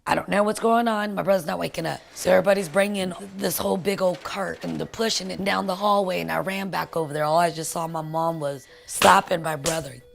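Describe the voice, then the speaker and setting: A woman telling a personal family story in an interview, speaking softly and often in a hushed, emotional way. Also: fairly low pitch, steady tone, a little fast, gravelly, hardly any pauses, a little hiss or hum. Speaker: sister of the deceased.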